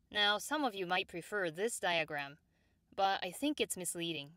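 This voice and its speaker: A woman teaching Japanese pronunciation, explaining pitch accent in a precise way and repeating each example word. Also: animated, pushed and bright, no echo. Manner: measured and precise, models example words slowly and repeats them. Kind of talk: slow, clear instructional explanation.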